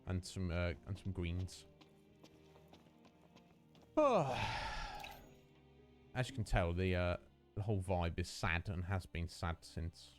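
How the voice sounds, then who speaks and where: A man's voice: deep voice, lively intonation, slow, long pauses, soft background music. A man streaming a video game, chatting casually and rambling through a rant with lots of fillers. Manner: rambling, ranting, many fillers.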